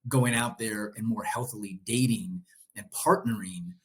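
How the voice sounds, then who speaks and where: A man's voice: on the low side, steady tone, unhurried, rough recording. A man in his late forties hosting a podcast, chatting casually and animatedly, swearing and laughing freely. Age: late 40s. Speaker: podcast host.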